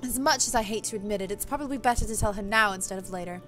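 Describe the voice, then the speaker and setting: A woman's voice: mid-range voice, rapid-fire, faint music behind, natural voice. A woman reading as a wistful young heroine. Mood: polite. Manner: soft, wistful, earnest. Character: gentle hopeful young heroine. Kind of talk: reading a visual novel aloud.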